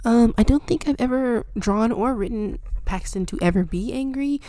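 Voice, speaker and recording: A woman's voice: a little high, normal speed, warm tone, no room sound. A young woman chatting casually while she draws, rambling and self-deprecating with lots of fillers. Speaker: art vlogger. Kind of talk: casual chat while drawing.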